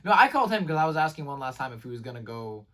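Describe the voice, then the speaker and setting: A man recapping his day in a casual vlog, rambling and excitable, with lots of fillers and restarted sentences. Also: mid-range voice, rapid-fire, recorded from a distance. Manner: rambling, filler-heavy, says "like" and "bro" constantly. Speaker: vlogger.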